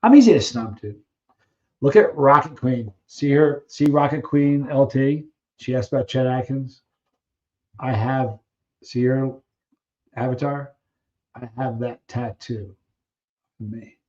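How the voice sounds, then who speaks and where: A man's voice: medium pitch, a little slow, pauses often, warm tone, highs cut off. Rambling man chatting on a live stream. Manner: rambling, chatty, trails off searching for names. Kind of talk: casual live chat reading viewer questions.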